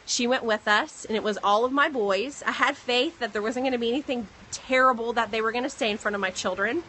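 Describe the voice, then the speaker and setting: A pregnant woman telling a personal story in a casual vlog, recorded outdoors on a phone in the rain, animated as she retells what others said. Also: on the high side, a little fast, low-quality recording. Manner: earnest, animated retelling with quoted dialogue. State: pregnant, second trimester. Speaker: vlogger. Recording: faint outdoor noise, rain.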